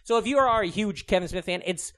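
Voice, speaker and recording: A man in his thirties co-hosting a podcast talks fast in a high, slightly bright voice. It's casual, meandering chat, heavy on swearing and filler words, broken up by regular laughs.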